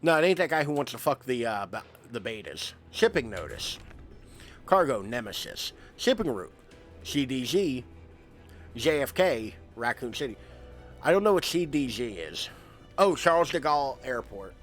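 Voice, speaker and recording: A man's voice: medium pitch, very animated, normal speed, soft background music. A young man from the United States giving rambling, self-mocking commentary while he streams a game. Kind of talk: casual gameplay commentary.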